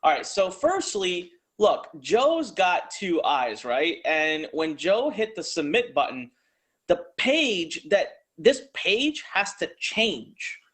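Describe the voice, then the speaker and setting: A man's voice: sits high, sing-song, takes it slowly, a bit bright. A man presenting a live online business seminar, talking straight to viewers in a hyped, salesy way while drawing on a board. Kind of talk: energetic live webinar pitch.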